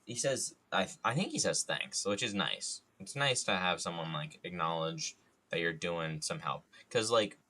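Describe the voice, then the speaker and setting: A man's voice: sits low, animated, normal speed, pushed and bright. A man streaming from home, telling a rambling, jokey story in a casual way. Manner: rambling, jokey, playful idioms. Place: home studio.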